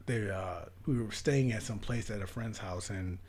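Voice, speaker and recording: Husky-voiced young American man. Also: lowish voice, normal speed, darkish tone. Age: young adult. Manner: laid-back storytelling, trailing off. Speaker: podcast co-host. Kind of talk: casual chat.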